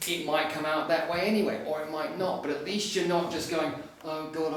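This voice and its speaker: Male acting coach, urging and coaxing, high voice, heard from afar in a reverberant room. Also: steady tone, brisk, fairly bright tone. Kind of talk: coaching an actor through a monologue. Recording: echoey room from far off, background noise.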